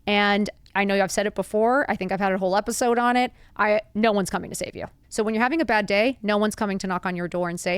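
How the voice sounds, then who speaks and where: A woman's voice: fast talker, few pauses, clear, resonant tone, no echo. A woman in her fifties hosting a podcast, talking candidly and bluntly to her listeners in a confiding way. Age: 50s. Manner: blunt, confiding, animated with laughs and high put-on quotes. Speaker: podcast host. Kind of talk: candid solo podcast talk.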